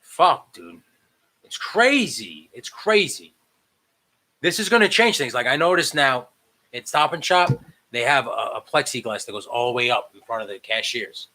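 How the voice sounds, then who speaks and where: A man on a podcast, recorded remotely from home, in loose casual chat. His voice is sharp and bright, and he talks in an animated, profane way. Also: medium pitch, moderate pace. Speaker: podcast co-host.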